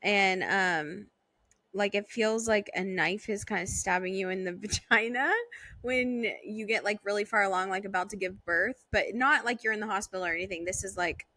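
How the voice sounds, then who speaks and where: Bright-voiced woman, dry close sound. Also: mid-range voice, no echo. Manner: reacting, short exclamations. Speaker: podcast co-host. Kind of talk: casual podcast chat.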